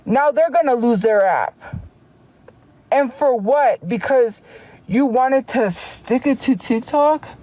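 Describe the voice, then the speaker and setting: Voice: mid-range voice, lively intonation, takes it slowly, warm tone. A streamer ranting heatedly on a casual livestream, often restarting sentences. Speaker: live streamer.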